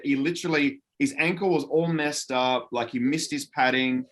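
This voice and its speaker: A man's voice: a little high, fairly even intonation, normal speed, hardly any pauses, fairly bright tone. A man chatting as a guest on an online panel, telling enthusiastic, rambling stories over a video call. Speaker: panel guest, former series actor. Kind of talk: casual panel chat.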